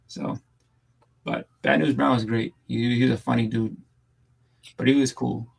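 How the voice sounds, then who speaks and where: A man with a gravelly, creaky voice chats on a livestream panel at a middling pitch. He rambles through anecdotes, stumbling over restarts and fillers as he goes. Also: steady tone, moderate pace, pauses often, low-quality recording. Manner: rambling storyteller with many restarts. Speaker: panel co-host. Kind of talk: casual livestream chat. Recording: home setup over a livestream.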